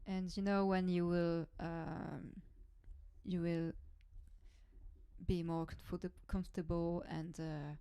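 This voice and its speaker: A French woman drummer chatting casually with viewers on a live stream in English, pausing often to search for words. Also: fairly low pitch, little pitch movement, mellow, clean tone, no echo. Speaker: drummer hosting a live lesson.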